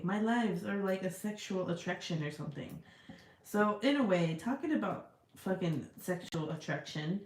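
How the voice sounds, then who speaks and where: A woman's voice: lowish voice, echoey room. A woman hosting a casual livestream, reading viewer comments aloud in a rambling, profane, giggly way. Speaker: livestream host.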